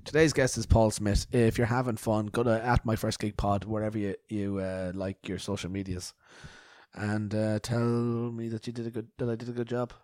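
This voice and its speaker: A man's voice: fairly low pitch, level tone, normal speed, a little mellow, no room sound. A man hosting a podcast, rambling and swearing with mock outrage and a bad cough. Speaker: podcast host. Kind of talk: rambling solo podcast chat.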